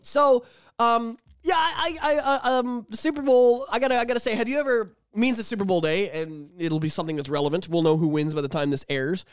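A Canadian man hosts a podcast in a casual chat, talking a little fast with a clear, resonant tone. He's animated and swears freely, acting out quotes in high voices. The audio is studio quality with no echo.

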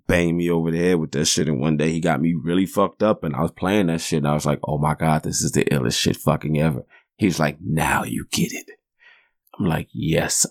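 Telling meandering, foul-mouthed stories in an easygoing monologue, this forties-aged man hosts his own podcast. The voice is low-pitched and darkish in tone, recorded at studio quality without any room sound.

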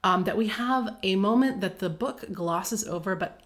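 A woman co-hosting a podcast, recapping a book in casual chat, full of fillers and quick laughs. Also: mid-range voice. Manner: chatty, filler-heavy, laughs often. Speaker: podcast co-host.

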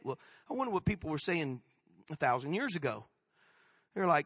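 A man's voice: on the high side, big pitch swings, moderate pace, long pauses, husky, dry recording. Man, pastor, sermon, folksy impassioned preaching, dry close sound. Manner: impassioned preaching, swinging from loud peaks to hushed prayer; informal, folksy phrasing.

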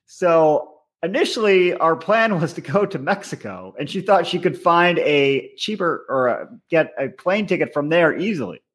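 A man's voice: a little high, lively intonation, normal speed, few pauses, fairly bright tone. A man co-hosting a podcast, chatting casually about reality TV and telling stories from his own life with frequent laughs. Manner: storytelling, laughs often. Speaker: podcast co-host. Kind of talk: casual chat recapping reality TV.

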